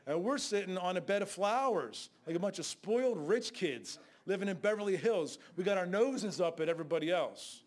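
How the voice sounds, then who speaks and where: A male preacher delivers a sermon in a plain, conversational manner, blunt with his listeners. His voice sits a little high for a man. Now and then he breaks into sudden, louder outbursts before settling back down. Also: expressive, a little fast, few pauses.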